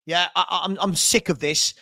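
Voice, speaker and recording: A man's voice: sits high, fairly even intonation, normal speed, gravelly, bright, forceful tone. A young man hosting a live football watchalong, ranting heatedly and hurling insults.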